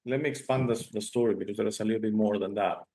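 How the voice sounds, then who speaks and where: A male host whose first language is Spanish tells stories in casual conversation, emphatic and animated, often tagging sentences with "okay?". His voice is lowish and quick.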